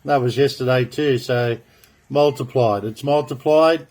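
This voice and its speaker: A man speaks at a very slow, unhurried pace. He rambles in a monologue of grand proclamations, repeating phrases as he draws cards. His voice sits at a medium pitch. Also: a little mellow. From Australia. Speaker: video blogger.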